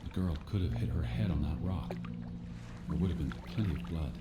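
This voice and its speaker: A man playing a curt, grieving American gentleman scholar in a horror game, speaking dryly. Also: rumbling low, brisk, noisy background. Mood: dismissive. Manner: dry, curt. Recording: roomy, with game music behind.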